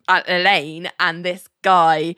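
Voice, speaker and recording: A woman's voice: fairly low pitch, level tone, takes it slowly, bright, forceful tone, smooth, no room sound, clean studio sound. A woman co-hosting a podcast, casually recapping a TV episode, quoting the characters in put-on voices and laughing often. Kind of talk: casual chat.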